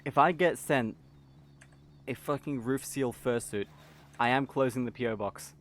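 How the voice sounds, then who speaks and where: A man's voice: medium pitch, unhurried, a bit bright. A man chatting casually on a live stream, reading out viewer messages with wry remarks.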